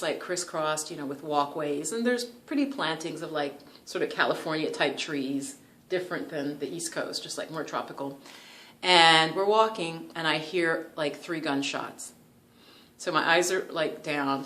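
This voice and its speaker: Chatty New woman telling a story. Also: deep voice. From New York. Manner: chatty, animated, laughs often, many "like" fillers. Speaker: yoga and meditation vlogger. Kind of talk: casual storytelling to camera.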